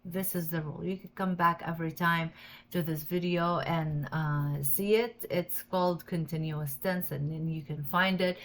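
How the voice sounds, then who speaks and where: A woman's voice: fairly low pitch, fairly even intonation, normal speed, slight background noise. A woman who speaks Arabic natively, teaching English grammar in a casual video lesson and checking in with "okay?". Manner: explains patiently, checks in with "okay?".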